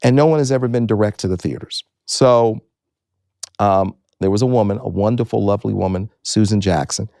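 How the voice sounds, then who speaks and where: In an interview, a man in his sixties from the United States shares his story as a guest, speaking a little fast in a low, mellow, gravelly voice. He is emphatic, repeating key phrases to hammer each point home. The recording is close and dry, with no echo.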